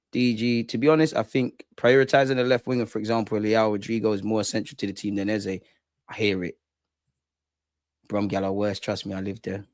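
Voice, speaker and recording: A young Londoner hosts a livestream, reading viewer comments aloud in slangy, laughing, casual chat. His lowish voice shows little pitch movement, with a moderate pace and long pauses. The sound is studio-clean with no room noise.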